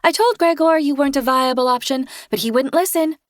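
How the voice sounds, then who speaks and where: A woman's voice: sits high, fairly quick, no echo, studio quality, pitched above the performer's own voice, close to an everyday voice. A woman narrator voicing a smug, sanctimonious woman who talks down to others with false sweetness. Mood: condescending.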